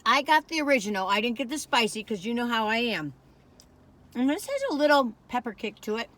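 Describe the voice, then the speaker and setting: A woman's voice: fairly high pitch, animated, fairly quick, a bit bright. A woman in her sixties rambles chattily through a food review, talking straight to her viewers from inside a parked car on a phone camera. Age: 60s.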